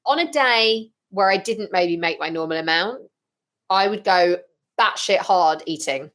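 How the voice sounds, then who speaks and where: A woman talking as a podcast guest, telling her story frankly and with lively, blunt humour. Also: medium pitch, measured pace. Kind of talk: casual interview chat.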